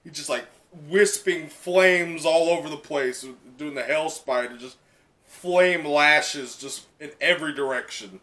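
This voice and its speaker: A man hosting a live comic reaction who talks in an excitable, rambling way with lots of "like". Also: fairly high pitch, unhurried. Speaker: reaction video host.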